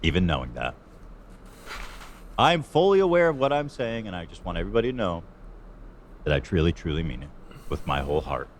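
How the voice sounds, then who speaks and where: A man speaking in a calm, matter-of-fact way on a played stream clip. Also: sits low, fairly quick, long pauses, slight background noise. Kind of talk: casual stream talk.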